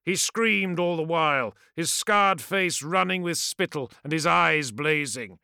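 A man's voice: on the high side, animated, a little slow, creaky, pushed and bright, clear, resonant tone, dry recording, studio quality. Dramatic male fantasy audiobook narrator.

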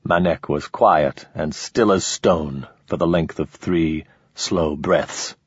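A man reading a novel aloud in scripted, steady narration. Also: extremely low pitch, slow pace, breathy edge, dry recording. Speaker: audiobook narrator. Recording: slightly dull lo-fi recording.

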